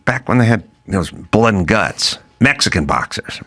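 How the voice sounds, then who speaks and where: A man's voice: on the low side, lively intonation, fairly bright tone. A man hosting a podcast, talking in a wry, rambling, opinionated way and drifting into long stories. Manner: rambling, wry, drawn-out storytelling. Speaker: podcast host. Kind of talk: casual opinionated chat.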